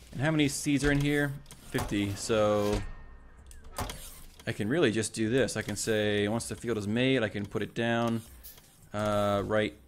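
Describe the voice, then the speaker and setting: Low-voiced man commentating his gameplay. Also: a little hiss or hum. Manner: thinks aloud, self-correcting, talks to the robots. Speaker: let's play host.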